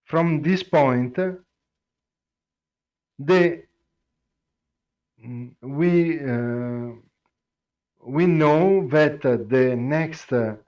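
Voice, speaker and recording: A man with an Italian accent, Italian his first language, explaining code on a live stream, halting with many fillers and restarts. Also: on the high side, a little mellow, highs cut off. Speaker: programming presenter.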